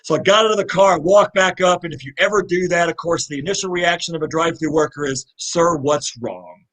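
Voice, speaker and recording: A man's voice: a little high, fast talker, low-quality recording. A middle-aged man from Louisville telling his story as a guest, earnest and heartfelt, with many restarts. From Louisville, Kentucky. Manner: earnest, heartfelt, animated retelling with repeated restarts. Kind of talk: live interview storytelling.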